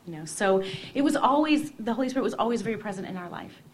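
A woman telling her personal faith story in an expressive, conversational way, often dropping to a hushed voice. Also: mid-range voice, quick pace. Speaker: guest sharing her testimony.

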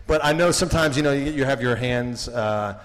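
A man's voice: medium pitch, fairly quick. A man giving a casual, jokey faith talk to students as a campus ministry speaker, rambling with lots of "like" and "you know". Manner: rambling and jokey, heavy with 'like' and 'you know'. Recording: long hall reverb.

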